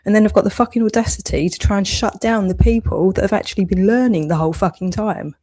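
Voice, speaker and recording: A woman's voice: medium pitch, fast, dark tone. A woman delivering an angry, heavily sworn monologue rant, accusing and scolding. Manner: heavy swearing, accusatory, rising anger.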